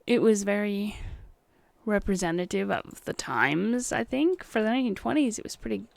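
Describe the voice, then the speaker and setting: Wry chatty woman streamer, gravelly edge. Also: medium pitch, lively intonation, normal speed, no echo. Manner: chatty, wry, talks back to chat. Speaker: livestream host. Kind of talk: casual chat while watching a film.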